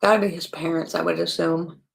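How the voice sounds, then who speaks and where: A woman's voice: fairly low pitch, fairly even intonation, a little fast, vocal fry. A woman chatting casually as she comments live, wry and thinking aloud with asides.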